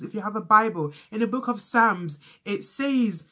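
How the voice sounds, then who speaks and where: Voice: medium pitch, animated, measured pace, hardly any pauses, sharp tone. A preacher gives an informal prophetic sermon. The delivery is fervent and circling, with phrases repeated again and again. Sentences often stall on fillers and restarts before pushing on. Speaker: preacher sharing a prophetic word.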